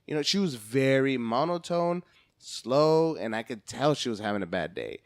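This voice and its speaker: A man's voice: mid-range voice, expressive, moderate pace, dry recording. A man on a podcast, a comedian chatting casually, hyperactive, cursing a lot and acting out phone calls in different voices.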